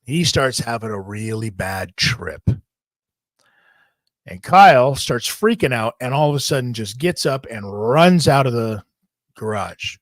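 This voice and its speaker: A man hosting a podcast, telling a long story in a rambling, profane, animated way. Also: medium pitch, measured pace, no room sound. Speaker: podcast host. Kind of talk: casual storytelling.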